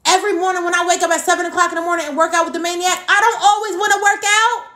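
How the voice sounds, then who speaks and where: A woman's voice: very high voice, fairly even intonation, very fast, bright, forceful tone, roomy sound. A woman in her thirties giving a motivational live-stream talk as a team coach. She speaks emphatically, repeats key points and greets viewers by name. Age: 30s.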